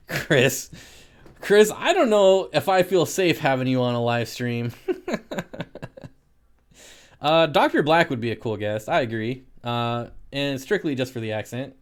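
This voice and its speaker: A man's voice: medium pitch, animated, unhurried, pauses often, clear, resonant tone. Casual man hosting a live stream. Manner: chatty, answers viewer comments with frequent laughs. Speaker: aquarium live stream host.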